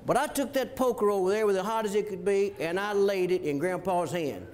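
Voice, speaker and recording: High-voiced man telling a story. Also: a little fast. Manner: animated, chuckling storyteller. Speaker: minister. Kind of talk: storytelling testimony.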